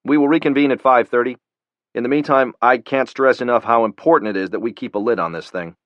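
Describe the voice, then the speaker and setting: A man's voice: mid-range voice, fast, no room sound, close to an everyday voice. A man voicing a president who speaks in a firm, commanding way. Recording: dull lo-fi, dry.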